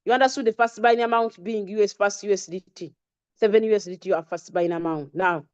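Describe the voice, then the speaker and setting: A brisk, medium-pitched, slightly mellow woman's voice comes through dull audio. She's a Ugandan-accented trading instructor giving a live online lesson on trading settings, repeatedly drilling key terms and questioning her audience.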